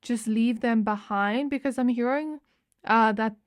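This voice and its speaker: A woman's voice: a little high, unhurried. Chatty woman giving a tarot reading. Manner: chatty, meandering, fillers and restarts. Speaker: tarot reader. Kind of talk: pick-a-card tarot reading.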